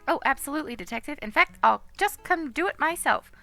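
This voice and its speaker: Brief: woman voicing a cheerful goose cop, bright, gravelly edge, honks often. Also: high voice, expressive, fairly quick, soft background music, voice pushed up, exaggerated voice. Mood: eager. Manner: chipper and honking.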